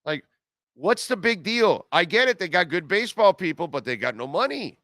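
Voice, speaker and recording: His voice sits high and a bit bright, swinging widely in pitch at a normal speed, as he hosts a live sports radio show at a car dealership. He rants with sarcasm and reads listener comments. The recording is dry and studio-clean.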